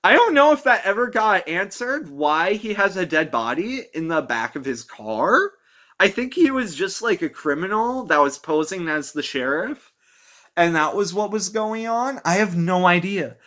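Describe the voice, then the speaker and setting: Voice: mid-range voice, sing-song, normal speed, fairly bright tone. A movie reviewer talking casually and rambling with amusement through the plot, full of fillers and acted-out quotes.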